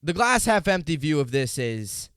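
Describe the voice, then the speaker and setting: A man hosts a solo sports podcast, his voice pitched a little high and crisp. He rambles in a casual, animated way, repeating himself and tripping over restarts. The sound is close and dry, with no room around it. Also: normal speed, no echo.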